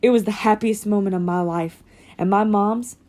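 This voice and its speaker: A woman reading an audiobook voices a grown male track coach with a flat, hard, quietly intense way of talking. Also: mid-range voice, normal speed, lightly acted. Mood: somber.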